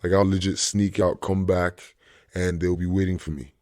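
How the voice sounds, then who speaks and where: A man's voice: sits low, flat delivery, normal speed, a little mellow, no echo, studio quality. A young man, a DJ, telling stories in a laid-back casual chat full of slang. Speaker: DJ guest.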